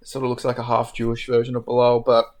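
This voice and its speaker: A man's voice: medium pitch, monotone, quick pace. A man hosting a casual, unscripted fight recap, talking frankly in a loose, rambling way with plenty of fillers. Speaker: MMA fight recap host.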